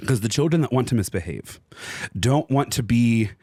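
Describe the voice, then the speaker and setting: A man's voice: medium pitch, lively intonation, moderate pace, mellow, dry recording, clean studio sound. A man co-hosting a podcast in casual chat, riffing animatedly and slipping into theatrical voices. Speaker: podcast co-host.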